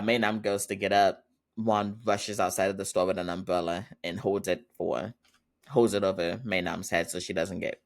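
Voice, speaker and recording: A man's voice: lowish voice, vocal fry. A man hosting a podcast, casually recapping a TV episode in a chatty way and laughing often as he retells it. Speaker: podcast host.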